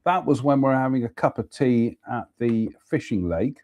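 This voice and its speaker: A man's voice: mid-range voice, lively intonation, moderate pace, a little mellow, muffled recording. A man, chatting casually as host about a walk and a beer, then reading out a ghost story. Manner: chatty, exclamatory, reads labels aloud.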